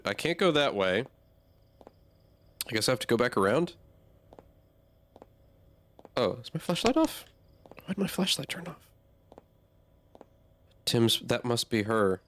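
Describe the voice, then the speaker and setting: A man playing a horror game and talking through it aloud, easily startled and swearing often. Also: fairly low pitch. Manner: jumpy, swears a lot, reacts aloud. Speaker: gamer.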